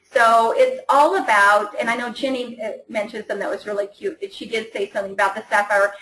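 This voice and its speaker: A chatty, enthusiastic woman talks her team through a casual training call, stumbling and restarting as she goes. Her voice sits fairly high. The sound has the echo of a roomy space. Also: fairly bright tone. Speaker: team coach.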